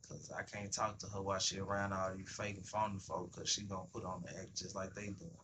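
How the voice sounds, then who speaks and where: A man's voice: low voice, flat delivery, fairly quick, noisy background. Blunt, profane man ranting on stream. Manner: blunt, profane, street slang, acts out both sides of conversations. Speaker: livestream host. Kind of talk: casual monologue on stream.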